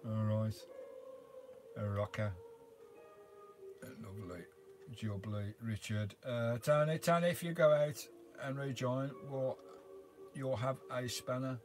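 An older man hosts a relaxed live stream from inside his camper van, greeting viewers one by one as mate or sugar. His talk rambles along with plenty of "uh" fillers at a mid pitch. Faint music plays underneath. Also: slow, pauses often. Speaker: vanlife live-stream host. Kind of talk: casual live-stream chat reading viewer comments.

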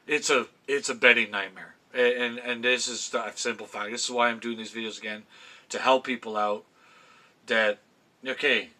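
A man's voice: medium pitch, pushed and bright. A middle-aged man, rambling casually to camera as a vlogger about football picks, chatty and full of restarts. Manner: chatty, self-interrupting, swears casually. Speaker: vlogger giving NFL picks. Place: home room with fan memorabilia.

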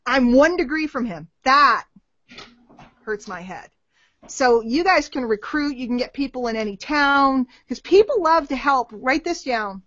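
In an unhurried but lively, animated manner, a middle-aged woman with a fairly high voice responds to marketing questions on a live webinar, acting out short back-and-forths between people. The sound is dry and a little dull, web-call style, with no echo.

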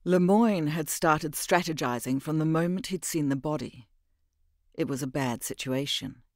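A man narrating an audiobook in a measured, even storytelling voice on a close mic. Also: a little high, dry recording. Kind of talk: scripted narration.

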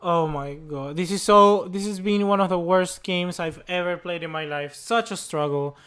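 High-voiced excitable young gamer. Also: male voice, normal speed, clear, resonant tone. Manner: excitable, swears often, yells at the game. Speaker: gaming YouTuber. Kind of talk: live commentary over his own game.

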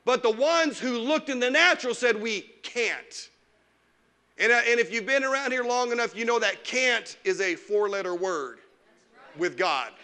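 Middle-aged pastor guy preaching, really high bright voice, animated, pokes fun at whiny folks. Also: normal speed. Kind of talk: sermon. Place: church sanctuary.

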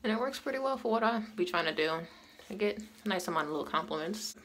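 A woman's voice: medium pitch, lively intonation, fast talker, a bit bright, slight background noise. A woman chatting casually through a get-ready-with-me vlog, candid and laughing often, swearing freely, recorded at home on a phone. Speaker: beauty vlogger. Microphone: phone camera.

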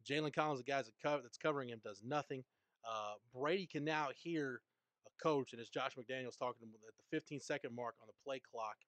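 A man with a mid-pitched voice steadily walks through a football play on a podcast. He reads quotes aloud and explains them. The studio sound is dry and close. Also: fairly quick, fairly bright tone, dry recording. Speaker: podcast host. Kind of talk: casual sports talk.

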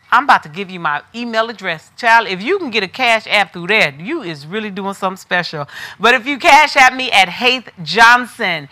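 A woman with a bright, fairly high voice hosts a live shopping stream. She chats familiarly with her viewers by name. She keeps circling back to prices as she works them out aloud. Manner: repeats prices eagerly, thinks aloud. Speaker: host of a live online sale. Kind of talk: live shopping sales pitch.

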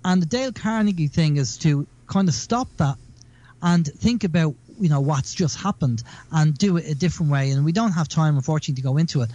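A man's voice: on the high side, a little fast, mellow, lo-fi sound. A man hosting a radio show, chatting casually and rambling through stories with repeated words.

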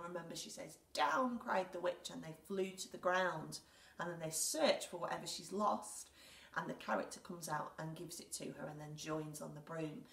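English teacher speaking clearly to young children. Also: female voice, fairly low pitch, recorded from a distance. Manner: clear, patient and encouraging, reads story lines aloud with emphasis. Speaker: primary school teacher. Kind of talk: recorded lesson for young children. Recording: echoey room, speaker away from the mic.

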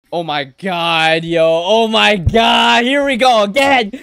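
Animated, excitable man reacting live. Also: high voice, moderate pace, few pauses, clean tone, dry recording, clean studio sound. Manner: excitable, exclaiming and swearing in casual slang. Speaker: anime reaction host.

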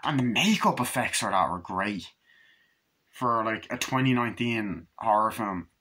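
A man excitedly recapping a horror film in casual, profane chat, acting out lines as he goes. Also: lowish voice, moderate pace, a little hiss or hum. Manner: excitable, profane, acts out scenes with shouted quotes. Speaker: movie reviewer. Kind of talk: casual spoken movie recap.

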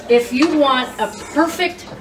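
A woman's voice: high voice, a little slow. A woman hosting a home cooking show, chatty and exclaiming as she cooks in her kitchen. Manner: chatty and exclamatory, squeals when food turns out well. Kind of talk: casual cooking demonstration. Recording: roomy, distant mic, background hiss.

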